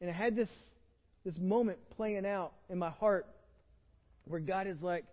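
A man's voice: sits high, measured pace, in a large hall, dull audio. A pastor with a Texan accent, preaching a conversational sermon, often repeating words as he starts a phrase. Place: church sanctuary.

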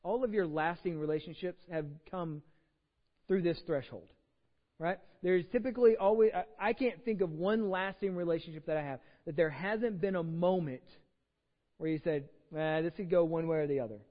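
A high-pitched man from Texas preaches a conversational sermon, asking rhetorical questions and repeating words as he goes. His voice rings with the long reverb of a church sanctuary. The audio sounds dull and muffled. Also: normal speed. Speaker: pastor.

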